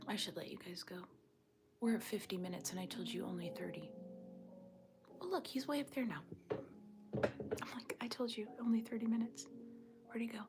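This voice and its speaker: Over music and steady background noise, a woman with a medium-pitched voice hosts a casual livestream from home, looking out on a snowy backyard. She chats with viewers and answers comments at a measured pace, leaving long pauses and often dropping to a whisper.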